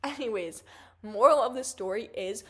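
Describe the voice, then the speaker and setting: A woman's voice: on the high side, moderate pace, breathy edge. A woman in her twenties telling a story in a casual, profane rant, full of "like" and "um" fillers. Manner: chatty, profane, animated, lots of "like" fillers. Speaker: vlogger.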